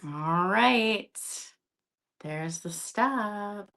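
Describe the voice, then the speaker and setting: A woman's voice: mid-range voice, lively intonation, extremely slow, vocal fry, fairly bright tone. A woman hosting a live-stream vintage sale, chatty and casual, often checking in with her viewers.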